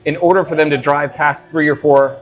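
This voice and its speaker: Halting Midwestern brewery owner. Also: male voice, on the high side, steady tone. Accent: American Midwest. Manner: halting, many fillers and restarts. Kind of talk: casual conversational storytelling.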